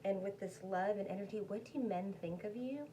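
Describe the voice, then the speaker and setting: Mellow-voiced woman reading tarot. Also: medium pitch, fairly quick, slight background noise, low-quality recording. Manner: chatty, rambling, talks to her dog between cards. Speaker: tarot reader.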